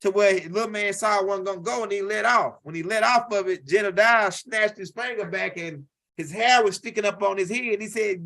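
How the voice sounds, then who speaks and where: A high-pitched man from tells a loose, rambling stand-up story. He circles back, repeats lines and keeps asking "right?" as he talks. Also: normal speed, pushed and bright. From Louisiana. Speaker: comedian.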